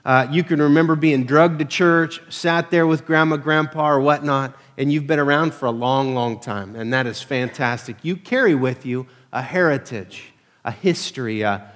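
A man preaching a casual, conversational sermon to his church, peppered with "uh" fillers and self-deprecating humor. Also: medium pitch. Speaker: pastor.

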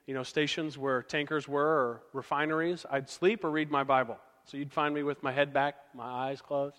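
Folksy pastor in a big hall. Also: male voice, on the high side, a bit bright. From Oklahoma. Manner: folksy, conversational storytelling. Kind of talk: storytelling sermon. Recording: long reverb of a large hall.

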